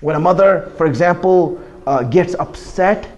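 A man giving an impassioned sermon, swinging between loud pleading and hushed, quiet asides. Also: a little high, normal speed, dull audio. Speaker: preacher.

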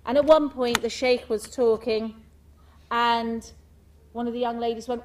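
A woman giving a speech to an audience, animated and full of rhetorical questions, mimicking the people in her stories. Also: on the high side, a little slow, recorded from a distance, a little hiss or hum. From United Kingdom. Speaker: speaker giving a talk.

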